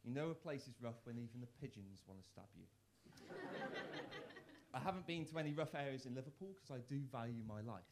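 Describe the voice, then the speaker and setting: A young man from the doing a live stand-up set in a comedy club, self-mocking, with stammered restarts and sudden loud punchlines. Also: mid-range voice, lively intonation, a little fast, heavy background noise. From Worcester, England.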